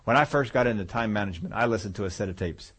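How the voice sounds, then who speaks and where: A man's voice: fairly low pitch, racing, fairly bright tone, husky. A man preaching a sermon in a folksy, conversational way, rambling a little as he tells a story to his congregation.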